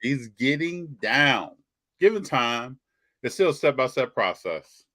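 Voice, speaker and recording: A man's voice: mid-range voice, big pitch swings, takes it slowly, bright, forceful tone. A man hosting a live sports and trading card podcast, chatting casually and greeting viewers by name. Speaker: podcast host. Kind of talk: casual live show chat.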